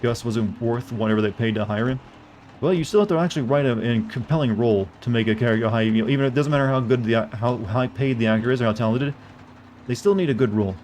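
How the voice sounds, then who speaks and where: A man's voice: medium pitch, a little mellow. Male streamer, casual running chat with viewers, talks in fits and restarts, faint noise behind. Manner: chatty, answers chat, halting restarts. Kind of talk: casual gameplay commentary.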